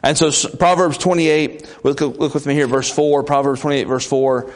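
Folksy preacher. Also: male voice, fairly even intonation, moderate pace, few pauses. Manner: folksy, conversational preaching with sudden pitch leaps. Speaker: pastor. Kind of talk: sermon.

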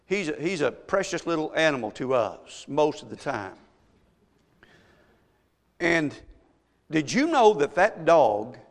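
A man delivers an emphatic sermon from the pulpit, his voice sitting high for a man. He presses his points with strings of rhetorical questions. The sound carries a long church-hall reverb. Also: gravelly. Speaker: pastor.

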